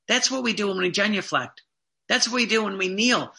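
A man preaching a fervent sermon, with emphatic repetition and slow, stressed phrases. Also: sits high, animated, gravelly, sharp tone.

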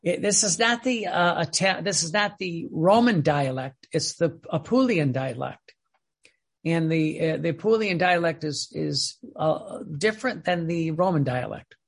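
A man's voice: a little high, expressive, a little slow, vocal fry, breathy edge. A man giving an earnest religious teaching, often repeating and restarting his words. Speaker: preacher.

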